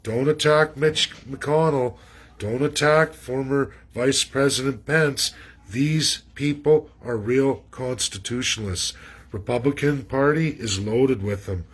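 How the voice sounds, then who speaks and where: A man's voice: mid-range voice, slow pace, husky. A man from Canada giving an emphatic, repetitive political monologue, speaking directly to his listeners. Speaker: political commentator.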